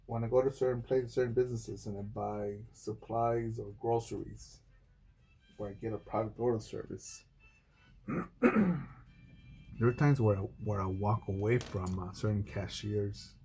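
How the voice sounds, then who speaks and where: A former Marine speaks to camera in a loose, profane monologue, his voice dark and mellow. He tells his story bluntly, breaking off and restarting his sentences, while faint music plays underneath. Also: measured pace, husky. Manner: mimics others in a high mocking voice. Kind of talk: unscripted vlog monologue.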